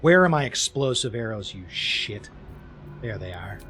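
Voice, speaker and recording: A man's voice: mid-range voice, sing-song, a little slow, music in the background. A young man streaming a video game, ranting and swearing in frustration as he comments on a battle. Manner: swears a lot, exasperated ranting. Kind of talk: frustrated live gameplay commentary.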